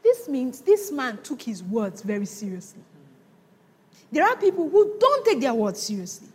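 Brief: woman preacher, very high swooping voice, long hall reverb, animated sermon delivery. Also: normal speed, husky. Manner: animated, laughs often, dramatic retelling. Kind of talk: sermon, Bible teaching.

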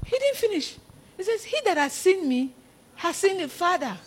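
A woman preaching a sermon, animated and laughing often as she acts out the disciples. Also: extremely high pitch, unhurried, a little hiss or hum.

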